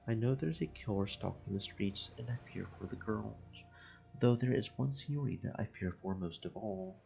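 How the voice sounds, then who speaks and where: A man's voice: fairly low pitch, lively intonation, moderate pace, gravelly, dark tone, dull audio. A man voicing a proud, amorous Spanish fishmonger in a theatrical put-on Spanish accent, over game music. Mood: lovesick. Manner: theatrical, lovesick.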